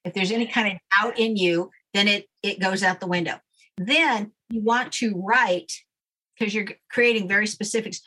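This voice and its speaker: A woman's voice: mid-range voice, fairly even intonation, moderate pace, pushed and bright, breathy edge. A woman guest coach giving confident, matter-of-fact instructions in an interview.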